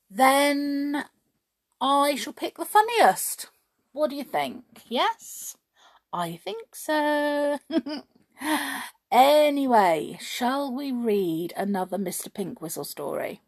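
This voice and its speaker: A woman reading a children's story aloud, animated and chatting to her listeners. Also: high voice.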